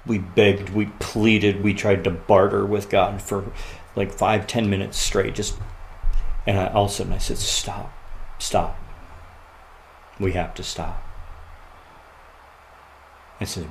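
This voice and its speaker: A man sharing a personal story as a podcast guest, earnest and often quiet and halting, laughing at the lighter moments. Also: deep voice, little pitch movement, gravelly, slight background noise, low-quality recording.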